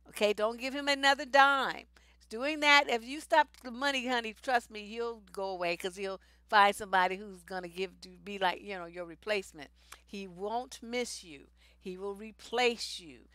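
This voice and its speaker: A woman's voice: mid-range voice, fairly bright tone, no echo, clean studio sound. A woman hosting a live advice stream, answering viewer questions in a blunt, sassy, no-nonsense way with plenty of slang and swearing. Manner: profane, slangy. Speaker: relationship advice host.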